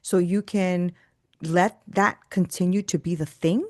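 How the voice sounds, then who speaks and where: A woman, a faith coach and podcast guest, telling stories in an emphatic, preachy way. She keeps adding "right?" and acts out quoted voices with big jumps in pitch. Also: fairly even intonation, a little slow, a little mellow, no room sound, clean studio sound. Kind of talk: storytelling faith talk.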